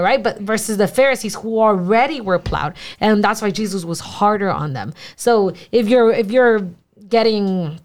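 A young woman whose first language is Spanish, sharing earnestly in a casual church group discussion. She pauses to find English words and acts out little quoted voices. Her voice sits at a middle pitch. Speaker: church youth group member.

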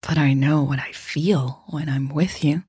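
A woman reading a story voices a warm adult woman who teases gently. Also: deep voice, steady tone, unhurried, husky, no echo, clean studio sound, full character voice. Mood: teasing. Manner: gentle, teasing.

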